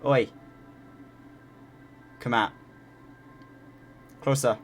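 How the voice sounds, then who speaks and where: A game master voicing a scarred, brutish hobgoblin leader who barks rough orders. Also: male voice, mid-range voice, steady tone, very slow, faint music behind. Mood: hostile. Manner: barking, rough.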